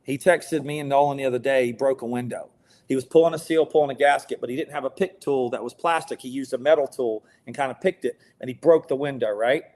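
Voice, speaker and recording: A man's voice: mid-range voice, steady tone, fast talker, darkish tone. A man talking as a podcast guest about his business, blunt and emphatic, swearing freely. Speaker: guest, window tint business owner. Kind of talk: casual podcast interview.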